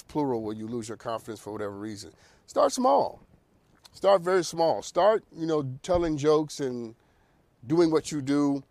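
A man hosting a talk show, giving advice in an animated, preacher-like cadence. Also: a little high, dry recording.

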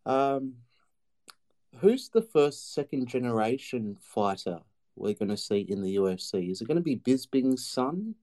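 Friendly Australian man calling in, mellow voice. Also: medium pitch, very animated, measured pace. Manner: friendly and chatty, says "mate" a lot. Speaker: caller. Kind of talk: casual call-in chat.

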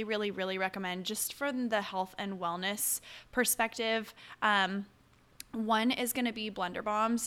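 A woman's voice: mid-range voice, a bit bright, clean tone. A young adult woman hosting a casual solo podcast, chatty and upbeat with rambling asides. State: hiccuping. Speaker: podcast host.

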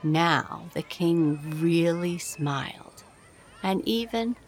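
Slow, expressive woman reading a storybook. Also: lowish voice, a little hiss or hum, low-quality recording. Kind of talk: storybook read-aloud.

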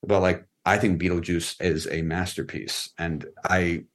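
Low-voiced man chatting loosely. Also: measured pace. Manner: relaxed, rambling, frequent "like" fillers. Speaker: film and music video director, guest. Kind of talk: casual podcast conversation.

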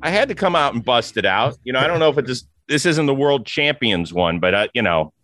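A man's voice: mid-range voice, animated, a little fast, fairly bright tone, no room sound, soft background music. A man from Cleveland, Ohio, hosting a podcast and interviewing his guest in a chatty, joking way. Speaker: podcast host.

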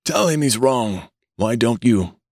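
A man voicing a querulous old man who has just been born, speaking in a whining, quavering voice, higher than his own. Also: lively intonation, slow pace, darkish tone, dry recording, studio quality.

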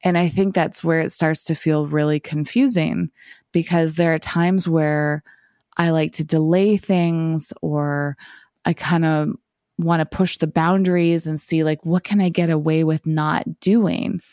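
Woman hosting a solo podcast, rambling and reflective, tired and a bit scratchy, with some vocal fry. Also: sits low, fairly even intonation, measured pace, a little mellow, no echo, clean studio sound. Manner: rambling, reflective, many filler "like"s. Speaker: podcast host.

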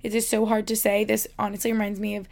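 A woman's voice: medium pitch, monotone, fast talker, creaky, darkish tone. A young woman hosting a podcast alone, chatty and heartfelt, talking with many "like" fillers and close to tears at times. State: on the verge of tears. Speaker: podcast host. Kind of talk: casual solo podcast talk.

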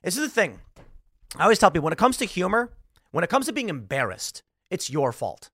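Bright-voiced male commentator. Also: high voice, brisk, breathy edge, no echo, clean studio sound. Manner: animated, laughs while reading jokes aloud. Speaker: host. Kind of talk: political commentary.

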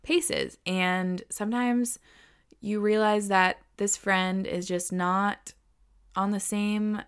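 Smooth-voiced young woman chatting candidly. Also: mid-range voice, fairly even intonation, slow pace. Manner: candid, chatty, peppers speech with "like" and swearing. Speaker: podcast host. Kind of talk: casual advice chat.

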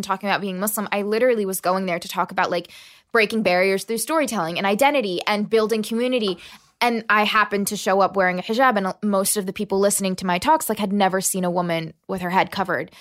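A woman, a podcast guest, telling a personal story in an interview, animated and full of "like" fillers. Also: mid-range voice.

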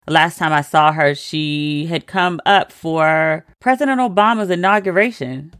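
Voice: medium pitch, measured pace, a bit bright, smooth, dry recording, clean studio sound. A host telling a personal story in a casual monologue, with wry, incredulous asides.

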